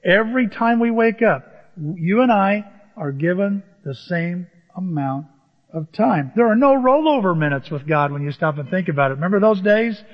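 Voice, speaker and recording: A man's voice: high voice, expressive, moderate pace. A man preaching a sermon as pastor, conversational and humorous, rising to emphatic peaks. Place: church. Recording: dull sound with long church reverb.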